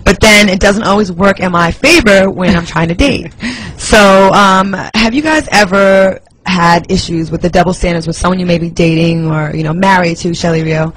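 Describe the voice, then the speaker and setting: A woman's voice: fairly low pitch, moderate pace, poor audio. A woman hosting a panel talk show, teasing her guests playfully and laughing often.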